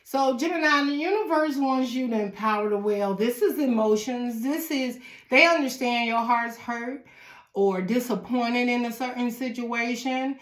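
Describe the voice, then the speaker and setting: A woman's voice: a little high, moderate pace. A woman giving a casual tarot reading, chatty and laughing often as she talks straight to the viewer. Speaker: tarot reader. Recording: echoey room.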